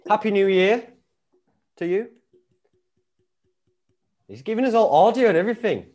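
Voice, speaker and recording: A man's voice: high-pitched, lively intonation, moderate pace, darkish tone, soft background music. A man hosting a podcast, bantering casually over a video call. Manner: banterous, joking, swears casually. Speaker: podcast host.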